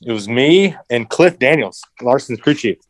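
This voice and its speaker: A man guest spins a casual story, lively and loose, dropping the odd swear and slipping into other people's voices as he goes. He has a mid-range pitch, and the sound is dry and close. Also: normal speed, dry recording, rough recording. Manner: animated, acts out quotes, swears freely. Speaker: interview guest, racing driver.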